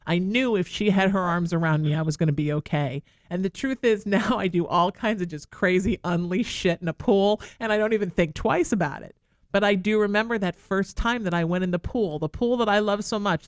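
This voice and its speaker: A woman hosting a talk radio show, giving gentle, affectionate advice to a caller while close to tears. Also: fairly low pitch, clean tone, no echo. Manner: soothing, affectionate, calls the caller sweetheart. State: tearful. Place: radio studio. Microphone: studio microphone.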